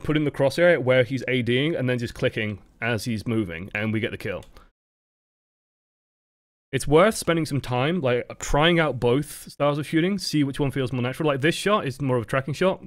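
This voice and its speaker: Relaxed man coaching over gameplay. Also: mid-range voice, no room sound, studio quality. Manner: relaxed and rambling, lots of fillers, self-corrections. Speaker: game coach. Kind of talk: casual gameplay review commentary.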